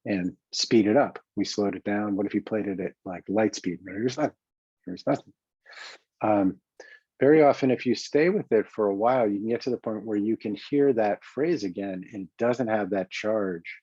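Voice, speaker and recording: Calm low-voiced man coaching. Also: moderate pace, breathy edge, no echo, muffled recording. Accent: New York. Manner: calm, reflective, with frequent fillers and restarts. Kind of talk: self-help teaching talk.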